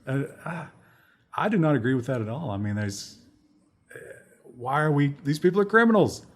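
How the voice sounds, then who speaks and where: A man's voice: on the high side, sing-song, moderate pace. A man co-hosting a casual tech news discussion, sardonic, acting out quoted people in mocking voices. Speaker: co-host.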